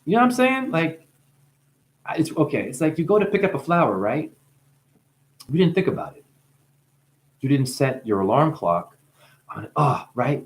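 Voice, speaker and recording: A man who is high, talking in a rambling, profane monologue. His voice swings from low mumbling to sudden high exclamations. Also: very animated, moderate pace, pauses often. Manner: profane, playful. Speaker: spiritual video maker.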